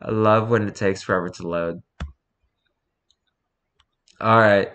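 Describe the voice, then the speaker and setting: Male host, bright tone, dry playful reader of posts. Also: on the low side, steady tone, slow. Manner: wry, playful asides. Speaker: video host reading posts. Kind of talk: casual commentary.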